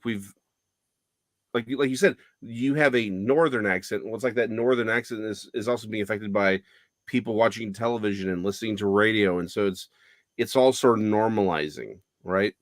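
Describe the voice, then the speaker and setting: Lively, talkative man with a low voice. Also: moderate pace, no room sound. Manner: lively, talkative, frequent self-corrections. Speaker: guest. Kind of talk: casual conversation.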